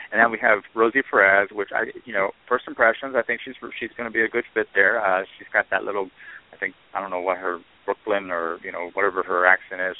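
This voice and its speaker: Low-ish guy host rambling on and on, lots of uhs, sounds like a phone line. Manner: rambling, many fillers and restarts. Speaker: podcast host. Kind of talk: casual chat.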